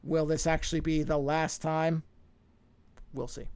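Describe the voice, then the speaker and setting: A man's voice: on the high side, flat delivery, normal speed, darkish tone, clean tone. A man chatting casually while drawing on a live stream, rambling and self-deprecating as he talks himself through his work on a podcasting microphone.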